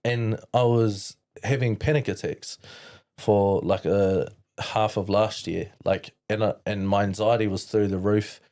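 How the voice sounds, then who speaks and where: Rambling young Kiwi man, mellow voice. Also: lowish voice, fairly even intonation, measured pace. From New Zealand. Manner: rambling, heavy use of "like" and "you know". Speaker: podcast guest. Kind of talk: casual chat.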